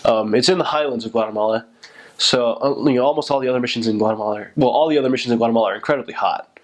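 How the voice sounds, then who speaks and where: A man's voice: medium pitch, rapid-fire. A young man, a returned missionary, describing his mission area in a rambling, self-correcting way. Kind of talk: casual recollection.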